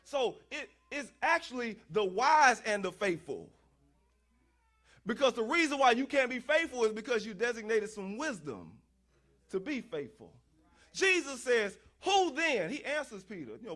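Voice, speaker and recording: A man's voice: high-pitched, normal speed. A man preaching a sermon, using folksy asides, rhetorical questions and repeated phrases. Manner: animated, rhetorical questions and repetition; folksy, addresses congregation as y'all.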